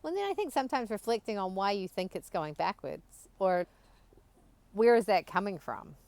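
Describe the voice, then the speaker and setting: A woman's voice: medium pitch, expressive, moderate pace, creaky, a little mellow, dry recording. A woman co-hosting a podcast, talking in a thoughtful, musing way in casual chat. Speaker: podcast co-host.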